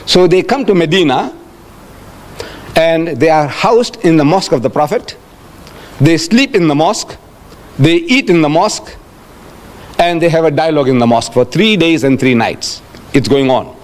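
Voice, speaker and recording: A man's voice: a little high, lively intonation, normal speed, pauses often. An older man with a South African accent giving a public religious lecture, emphatic and repetitive, acting out quoted speech. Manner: emphatic, repeats phrases, acts out quoted speech. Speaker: Islamic lecturer.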